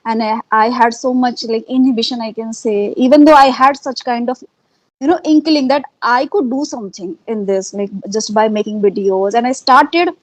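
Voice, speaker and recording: A woman's voice: fairly high pitch, fairly even intonation, normal speed, dry recording, dull audio. A woman with an Indian accent, talking earnestly in a casual interview, often repeating herself and using fillers. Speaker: interviewee, English learner. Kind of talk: casual conversation.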